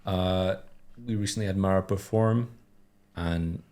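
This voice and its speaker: A man co-hosting a comedy podcast, dry and deadpan. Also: low-pitched. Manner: dry, deadpan, slow jokes. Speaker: podcast co-host.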